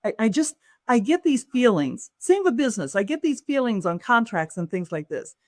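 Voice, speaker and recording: Lively woman telling a story, dry sound. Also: a little high, moderate pace, dry recording. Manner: lively storyteller who acts out other people's lines. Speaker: author and business owner. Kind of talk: anecdotal storytelling in an interview.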